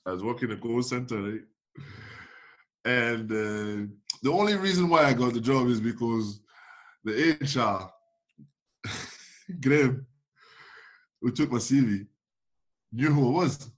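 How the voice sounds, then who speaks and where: A man's voice: medium pitch, a little slow, long pauses. A young man, a former footballer telling stories in a casual chat, acting out dialogue and laughing often. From France. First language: French. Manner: animated storytelling, acts out dialogue, laughs often.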